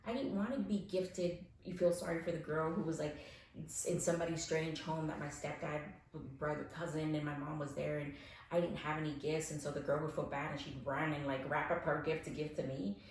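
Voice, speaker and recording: A woman around forty telling personal stories frankly and candidly. She swears freely and swings between soft reflection and animated laughter. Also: sits low, a little fast, a little hiss or hum. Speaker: podcast guest. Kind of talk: candid conversational storytelling. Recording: very echoey room.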